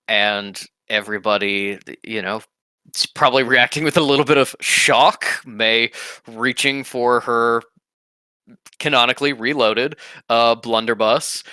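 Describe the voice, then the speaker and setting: Young male game master, hesitant narration, bright, close dry sound. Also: fairly low pitch, clean tone, no room sound. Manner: hesitant, many fillers.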